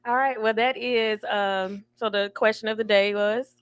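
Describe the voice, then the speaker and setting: A woman's voice: medium pitch, fairly even intonation, normal speed, clean tone, no room sound. A woman hosting a radio talk show, chatty and emotional, laughing often. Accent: Southern US. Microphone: studio microphone.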